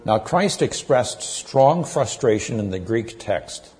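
A man giving an expository sermon, explaining terms with measured pacing and frequent pauses. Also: medium pitch, expressive, darkish tone. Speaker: preacher.

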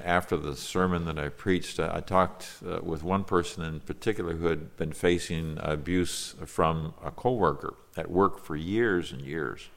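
A man with a very low voice delivers a sermon from the pulpit. He reads a long scripture passage aloud in archaic wording, then explains it in an earnest, measured way, with the odd "uh" when he speaks freely. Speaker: pastor.

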